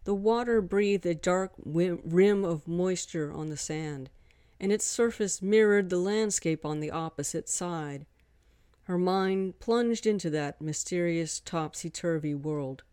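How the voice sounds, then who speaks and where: A woman narrating a romance story in a measured, unhurried way. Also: fairly low pitch, warm tone, clean tone, no room sound. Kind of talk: scripted narration.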